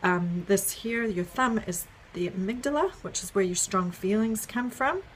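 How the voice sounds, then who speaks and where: A woman's voice: medium pitch, animated, moderate pace, slight background noise. A woman explaining an idea in a casual video, step by step, with frequent ums and "right?" checks. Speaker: parenting educator.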